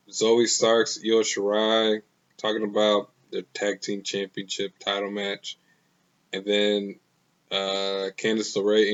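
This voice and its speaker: A man's voice: fairly low pitch, a bit bright, highs cut off. A man casually reviewing a wrestling show, rambling and opinionated, with many fillers.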